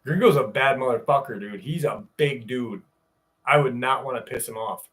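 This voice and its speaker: A man's voice: medium pitch, moderate pace, a bit bright. A man hosting a live stream, chatting casually with his audience in a loose, joking way that is full of swearing, then reading a story aloud. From upstate New York. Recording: voice a bit distant from the mic.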